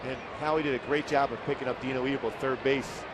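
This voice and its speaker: A man's voice: mid-range voice, steady tone, fast, background noise. A man giving baseball color commentary, explaining plays and players in an analytical way.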